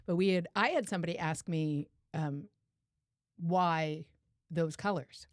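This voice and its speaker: Lower-voiced, chatty female podcast co-host. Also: no room sound, studio quality. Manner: chatty, warm, quick to laugh. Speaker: podcast co-host and audiobook narrator. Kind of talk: casual podcast chat.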